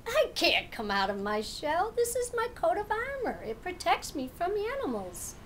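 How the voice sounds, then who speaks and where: A woman voicing a slow, gentle little male turtle in a storybook reading, with a shy, gentle manner. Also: very high-pitched, huge pitch swings, slight background noise, pitched above the performer's own voice, heavily acted.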